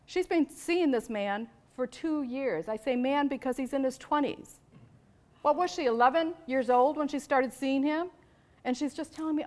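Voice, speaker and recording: A woman giving an animated storytelling talk to an audience about teaching teenagers, asking questions and rising to emphatic peaks. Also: high voice, moderate pace. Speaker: abstinence educator speaking to a church group.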